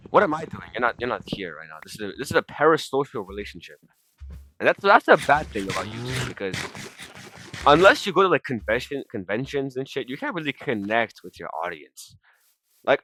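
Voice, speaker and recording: A man's voice: mid-range voice, pushed and bright. Rambling, cursing young man gaming. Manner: rambling, self-interrupting, swears often. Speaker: gaming commentator. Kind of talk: rambling casual commentary over gameplay. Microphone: desktop mic while recording screen.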